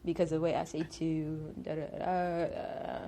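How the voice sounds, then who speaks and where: A woman's voice: low voice, flat delivery, moderate pace, mellow, a little hiss or hum. A woman being interviewed in a casual, candid chat. She drags out her words and has a slight lisp. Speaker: interview guest.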